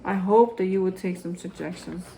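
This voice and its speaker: A man giving a heartfelt daily reflection to viewers, rambling with restarts and ending in earnest, hushed encouragement. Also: high-pitched, fairly even intonation, moderate pace, gravelly, slight background noise, poor audio. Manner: rambling, repeats and restarts, addresses viewers as folks. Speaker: recovery vlogger.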